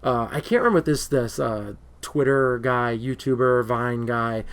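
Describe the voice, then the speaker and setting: Male co-host, casual movie banter, rambling and excitable, mid-range voice. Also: medium pitch, moderate pace. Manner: rambling, excitable when retelling stories. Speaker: podcast co-host.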